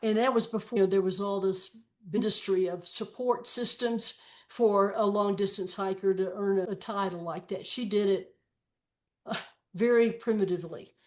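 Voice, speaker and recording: A woman in her seventies, a guest author telling stories slowly and reflectively in a podcast interview. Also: mid-range voice, steady tone, a little mellow. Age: 70s. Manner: slow, reflective storytelling with long read-aloud quotes. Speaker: guest, author and trail hiker.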